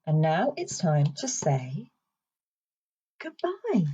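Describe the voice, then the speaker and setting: A woman leads a children's song and story session, speaking slowly and in a playful sing-song way for toddlers. Her voice is a little breathy and swoops widely in pitch. The recording sounds slightly dull and lo-fi. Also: very animated, a little mellow. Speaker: children's speech and language therapist.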